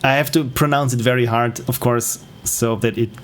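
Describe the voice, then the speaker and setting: A man's voice: medium pitch, fairly even intonation, moderate pace, slight background noise. German-accented man casually streaming a game. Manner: thinking aloud, with frequent fillers and self-corrections.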